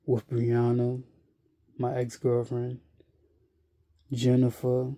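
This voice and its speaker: A man speaking a casual monologue to camera, blunt and profane, sounding weary and worn out, halting and repeating himself often. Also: medium pitch, monotone, mellow. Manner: slow, halting and repetitive, with many restarts. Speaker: vlogger.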